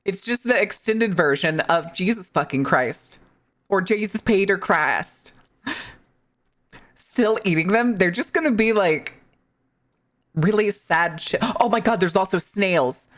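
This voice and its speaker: A woman's voice: mid-range voice, animated, unhurried. A woman streamer from the US Midwest, chatting casually and joking with her live chat, swearing freely as she talks.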